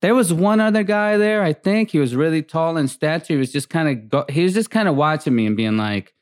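A man's voice: fairly high pitch, fairly quick, few pauses, dry recording, studio quality. A man talking casually on a podcast, telling rambling stories full of fillers and restarts. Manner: rambling, animated storytelling with many fillers. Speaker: podcast co-host. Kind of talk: casual chat.

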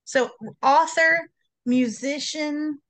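A woman's voice: high voice, fairly even intonation, extremely slow, fairly bright tone. A woman co-hosting a casual chat, reacting with enthusiastic exclamations. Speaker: podcast co-host.

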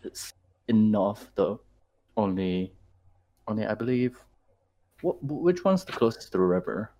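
A man's voice: on the low side, sing-song, measured pace, mellow, slight background noise. A young man in his twenties, a former university student, rambling through a casual story with fillers and some swearing. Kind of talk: casual chat.

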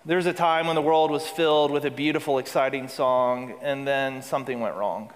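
A pastor delivers a sermon to his congregation, speaking earnestly and climbing to emphatic peaks through repeated phrases. His medium-pitched voice holds a steady tone at a fairly quick pace, carried by a long hall reverb.

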